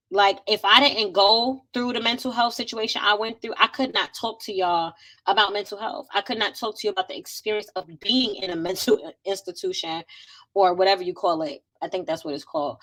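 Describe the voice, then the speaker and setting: A woman, hosting a faith podcast, talking earnestly and conversationally, encouraging listeners with a preachy warmth and frequent laughs. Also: mid-range voice, poor audio. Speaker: podcast host. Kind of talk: casual faith talk podcast.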